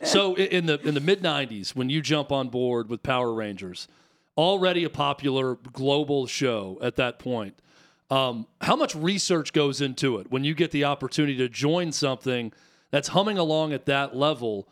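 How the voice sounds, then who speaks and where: A man's voice: medium pitch, animated, moderate pace. A man co-hosting a studio talk show, asking a guest long, curious questions. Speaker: co-host. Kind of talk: radio talk show interview. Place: radio studio.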